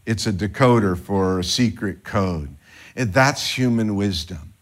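A man preaching a sermon as pastor, animated and conversational, with quick asides and chuckles. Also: fairly low pitch.

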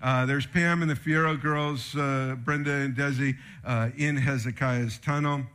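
A man preaching a sermon with slides, telling stories in an animated, conversational way. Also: medium pitch, a little slow, clear, resonant tone. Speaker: pastor.

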